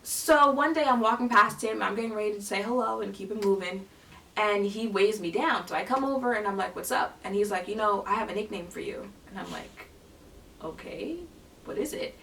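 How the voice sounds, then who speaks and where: A young woman telling a storytime vlog, animated and acting out the voices of people in her tale. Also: medium pitch, fairly quick, vocal fry, a little hiss or hum. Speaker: vlogger. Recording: voice a bit distant from the mic.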